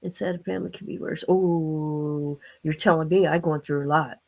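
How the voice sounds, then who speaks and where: A woman's voice: low-pitched, steady tone, normal speed, creaky, darkish tone. An older woman hosting a casual livestream, rambling and talking straight to her viewers. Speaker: livestream host.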